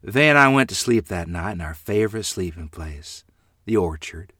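Man, storytelling narration, animated pitch, dry close sound. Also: moderate pace, no room sound.

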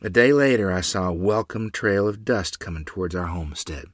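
A man narrating a first-person memoir in an earnest, measured storytelling manner. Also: sits low, no echo, studio quality.

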